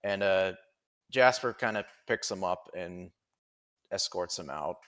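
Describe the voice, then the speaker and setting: Male game master, rambling, edgy tone, lower pitch. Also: lively intonation, unhurried, fairly bright tone. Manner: rambling, profane, chuckling. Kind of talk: narrating a tabletop game.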